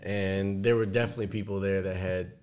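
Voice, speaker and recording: A man speaks at a quick clip in a relaxed talk among friends. He keeps cutting in and stumbling back into his point. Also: low-pitched, clean tone. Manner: rapid, interjecting, many restarts. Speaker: podcast co-host. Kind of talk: casual sports and culture chat.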